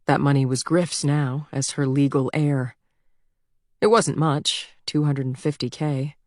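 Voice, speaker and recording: Brief: female audiobook narrator, low voice, dry close studio sound, measured reading. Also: fairly even intonation, a little mellow, dry recording.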